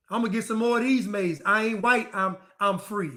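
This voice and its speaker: A man's voice: high-pitched, fairly even intonation, moderate pace, hardly any pauses, pushed and bright. A man delivering a defiant ranting monologue to camera, repeating his phrases over and over.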